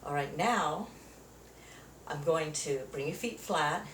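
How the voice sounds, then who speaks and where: A woman's voice: deep voice, expressive, takes it slowly. A woman leading a chair yoga class, counting out moves and giving encouraging cues while a little out of breath. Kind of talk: exercise class instruction. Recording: roomy echo, distant mic, faint noise.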